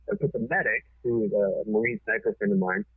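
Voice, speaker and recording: A forceful man tells a wild story with casual swearing. His voice is low and husky and sounds tinny, as if over a phone line. The sound is dry and close. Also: sing-song, brisk, no echo. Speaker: TV producer, podcast guest.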